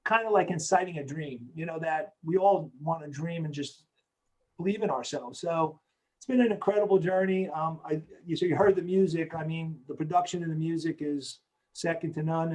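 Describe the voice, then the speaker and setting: Sixty-something creator, slightly high voice, loose rambling interview talk, fillers everywhere. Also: male voice, darkish tone, rough recording. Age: 60s. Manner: rambling, heavy on "you know" fillers. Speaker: creator of an animated short.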